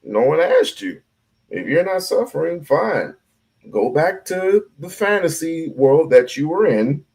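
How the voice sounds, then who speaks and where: A man's voice: a little high, very animated, a little slow, vocal fry, darkish tone, husky. A man giving heated, profane live-stream commentary, ranting and repeating himself.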